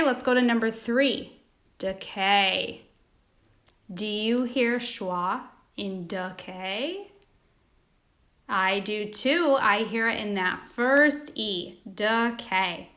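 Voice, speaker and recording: A woman teacher giving a recorded phonics lesson to children, speaking slowly and carefully, sounding out each word. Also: mid-range voice, a bit bright.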